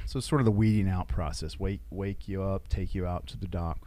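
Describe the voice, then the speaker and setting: Lower-voiced man telling war stories. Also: fairly even intonation, dark tone, no room sound. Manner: halting storytelling with restarts. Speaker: guest, military veteran. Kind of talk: casual podcast interview.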